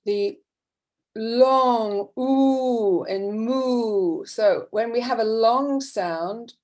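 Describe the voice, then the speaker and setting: Slow, patient woman teacher trainer. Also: fairly high pitch, a little mellow. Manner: patient, slow, explanatory, with many fillers. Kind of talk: online teacher-training talk.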